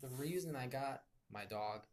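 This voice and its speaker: A young man chatting casually on a podcast, lively and jumping into high laughing bursts. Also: moderate pace.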